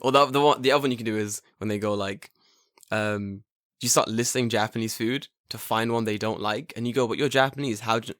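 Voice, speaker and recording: A man's voice: fairly low pitch, fairly quick, no room sound, clean studio sound. A young man from England, hosting a casual podcast and telling stories animatedly, swearing freely. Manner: animated storyteller, swears freely, acts out quotes. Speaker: podcast host.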